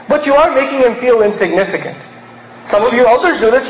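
A man's voice: extremely high pitch, animated, a little fast, reverberant, rough recording. A man originally from Pakistan giving a sermon in a conversational way, acting out little scenes to make his point. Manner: conversational, acts out mocking bits. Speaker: preacher.

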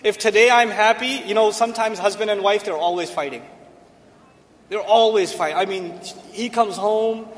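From a stage in a large hall, an Islamic speaker gives a humorous lecture to a live audience, posing rhetorical questions and cracking jokes. His voice sits high with a steady tone and normal pace, and the sound carries a big-room feel.

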